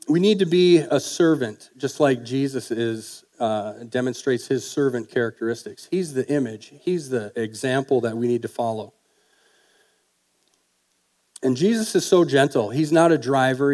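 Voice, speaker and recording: Male preacher, folksy, chatty sermon delivery, asks the room questions, average pitch. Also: a little mellow. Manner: folksy, conversational, with fillers and rhetorical questions.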